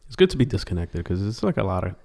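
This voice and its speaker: Deep gravelly joking man. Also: sing-song, racing, mellow. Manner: joking, laughs often. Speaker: podcast co-host. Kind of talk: casual podcast chat.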